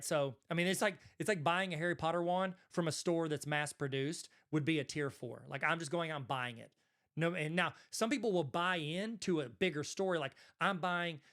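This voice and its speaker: A man's voice: a little high, fairly bright tone. A man from Arkansas with a Southern accent, hosting a casual commentary video and talking in a rambling, conversational way with frequent self-corrections. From Arkansas, USA. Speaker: host, card collector.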